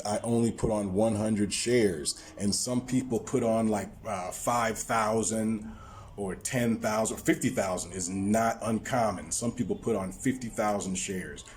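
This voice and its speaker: A man talking viewers through his stock trade on screen, halting often with repeated words and fillers. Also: lowish voice, darkish tone, a little hiss or hum. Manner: explaining to viewers. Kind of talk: screen-recorded trading walkthrough.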